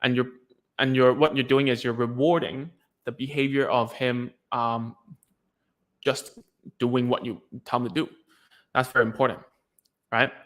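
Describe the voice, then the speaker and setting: A man's voice: medium pitch, flat delivery, normal speed, long pauses, a bit bright. A man coaching parents on their child's speech, talking in a loose, chatty way with frequent restarts and casual slang. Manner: loose and chatty, lots of fillers and restarts, says "dude". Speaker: speech therapy coach answering parents' questions. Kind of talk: casual advice video.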